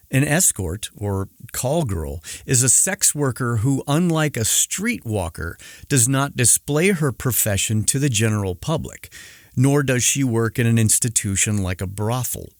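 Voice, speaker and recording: A male podcast host reading scripted narration in a measured, formal way. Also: mid-range voice, big pitch swings, no echo, clean studio sound. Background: music.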